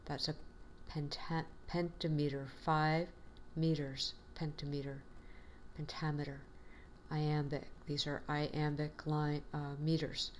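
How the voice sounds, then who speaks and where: Woman, teacher, classroom lecture, low pitch, encouraging, measured. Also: flat delivery, a little hiss or hum. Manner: patient, encouraging, with fillers.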